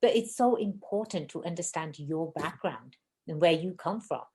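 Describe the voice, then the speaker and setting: Lady hosting a podcast, talks fast and gushes, lowish voice. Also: expressive, a little mellow. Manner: fast-talking, effusive. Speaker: podcast host. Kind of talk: casual interview chat.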